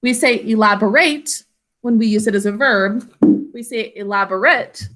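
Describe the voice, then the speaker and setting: A woman's voice: a little high, fairly even intonation, normal speed, fairly bright tone, a little hiss or hum. A woman teacher giving a spelling lesson, explaining patiently step by step and encouraging her students. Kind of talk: classroom instruction.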